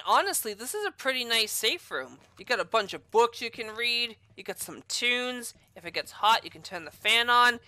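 A woman's voice: fairly high pitch, dry recording. A young woman giving crude, jokey let's play commentary on a horror game, swearing often and yelping when startled. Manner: yelps and shouts when startled. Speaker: gamer playing a horror game.

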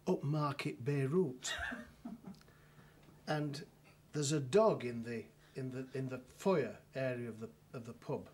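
A man's voice: mid-range voice, takes it slowly, noisy background. A middle-aged man with a northern English accent, telling a dry anecdote as a solicitor in a documentary interview, with many restarts and fillers.

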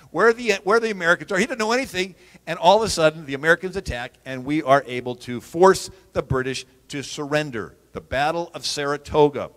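A man telling history stories as an animated storyteller, swinging from loud to hushed and laughing at his own jokes. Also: fairly high pitch. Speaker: historian and radio host. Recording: long hall reverb.

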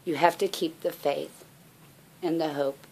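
A woman giving an earnest, halting personal faith message as a vlogger. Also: low-pitched, steady tone, slight background noise. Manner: soft-spoken, halting, earnest. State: out of breath. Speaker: religious vlogger.

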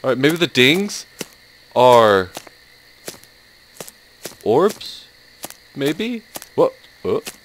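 A man's voice: mid-range voice, big pitch swings, extremely slow, long pauses, a little hiss or hum, low-quality recording. A man giving sarcastic, jumpy commentary on a horror game, yelping and laughing at the scares. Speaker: let's play host.

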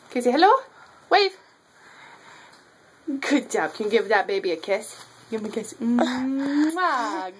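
A woman's voice: mid-range voice, a bit bright, slight background noise. Chatty young mother vlogging at home. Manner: chatty, coos to her baby. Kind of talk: casual vlog chat.

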